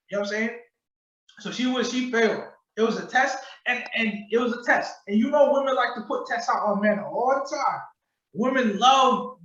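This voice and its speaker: High-voiced man, echoey distant call. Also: fairly quick, lo-fi sound. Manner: animated storytelling, acts out quotes, profane slang. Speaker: podcast host. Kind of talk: casual podcast commentary. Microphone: video call.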